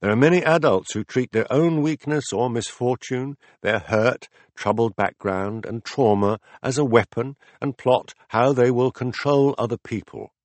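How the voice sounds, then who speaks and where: A man voicing a patient philosopher who explains ideas step by step in a measured, deliberate audiobook reading. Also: medium pitch, dry recording, natural voice. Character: calm, patient male teacher explaining ideas. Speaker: philosopher in a dialogue.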